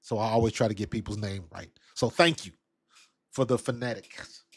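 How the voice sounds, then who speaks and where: On a casual football live-stream, a sports talk host chats loosely and answers comments from the chat in a laid-back way. His voice is husky and lowish, and he keeps a moderate pace.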